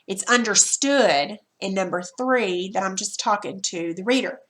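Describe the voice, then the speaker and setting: A woman's voice: medium pitch, measured pace, fairly bright tone. A woman teacher talking students through a recorded grammar lesson, chatty and informal, repeating herself and restarting as she explains.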